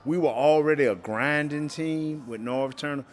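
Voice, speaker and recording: A former football player, appearing as a guest on a storytelling podcast interview, tells stories in an animated way. His voice is a little high and his pace normal, and he acts out quotes and laughs a lot.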